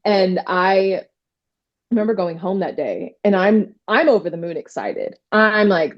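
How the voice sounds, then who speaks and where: A woman attorney telling stories in a casual interview, animated, quoting herself and using many fillers. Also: mid-range voice, unhurried, dull audio. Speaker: trademark attorney guest.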